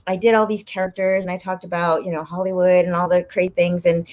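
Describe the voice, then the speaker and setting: A woman talking as a guest on a chat show, telling a long story in a rambling, animated way and laughing often. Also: fairly low pitch, brisk. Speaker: guest actress and comedian. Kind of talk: casual chat.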